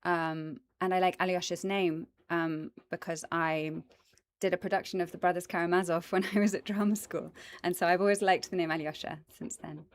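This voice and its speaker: A voice actress hosts a casual plant livestream, chatting enthusiastically with viewers, filling gaps with ums, and making asides to chat, close to a desk microphone in front of her. Her accent is British and American. Her voice is on the low side, with fairly even intonation at a moderate pace.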